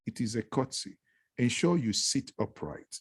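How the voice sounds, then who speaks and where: A man hosting an online panel discussion over a video call, speaking in a measured, formal way. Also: mid-range voice, animated, breathy edge, no room sound. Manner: measured, formal, uses adages. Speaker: host.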